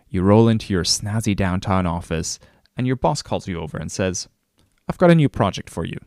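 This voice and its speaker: A man's voice: sits low, a little mellow, dry recording, clean studio sound. A male course instructor narrating a recorded lesson, telling a story and speaking straight to the listener. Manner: storytelling, addresses the listener directly.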